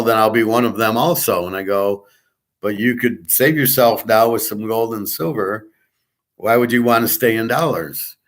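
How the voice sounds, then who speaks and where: A man hosting his own daily online class, telling a story in a blunt, profane and exasperated ranting monologue. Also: lowish voice.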